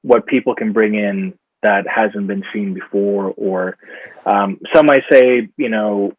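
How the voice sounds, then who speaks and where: A man from Rica, an actor chatting as an interview guest, speaking haltingly with many fillers and restarts. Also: lowish voice, dry recording. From Costa Rica. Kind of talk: casual interview chat. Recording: dull, dry lo-fi sound.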